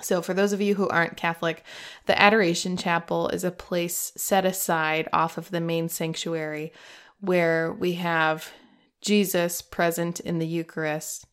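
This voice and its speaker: A woman's voice: on the low side, little pitch movement, a little slow, fairly bright tone, clear, resonant tone. A middle-aged woman hosting a podcast, telling a personal faith story in a heartfelt way, emotional at times and laughing through tears. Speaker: podcast host.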